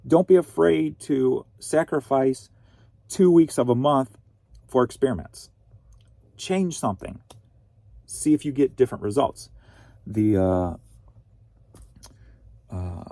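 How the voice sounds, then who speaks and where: A man's voice: mid-range voice, mellow, no echo. A man from Missouri, a reselling vlogger with a sore throat, chatting in a rambling, wry way. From Missouri, USA. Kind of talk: casual vlog chat.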